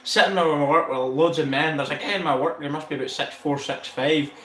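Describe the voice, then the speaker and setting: A man chatting excitedly on a live stream, swearing freely and laughing often. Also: fairly high pitch, quick pace. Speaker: livestream host. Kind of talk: casual live-stream chat. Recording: roomy echo.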